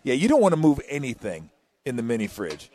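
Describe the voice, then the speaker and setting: A male basketball analyst chatting after the game, full of dry jokes and lively stories. He talks casually and laughs easily at his own tales. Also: mid-range voice, brisk. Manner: jokey, animated storyteller with laughs. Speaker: color analyst. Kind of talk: postgame broadcast chat.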